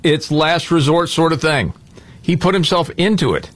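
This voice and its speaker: A man's voice: on the high side, moderate pace. A man hosting a casual political talk show, speaking in a blunt, indignant way. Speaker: podcast host.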